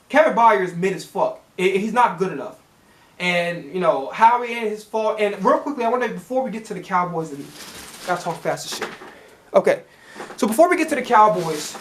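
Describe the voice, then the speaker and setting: A man's voice: sits high, a bit bright, reverberant. A man hosting a sports reaction channel, swearing constantly in a heated, rambling fan rant.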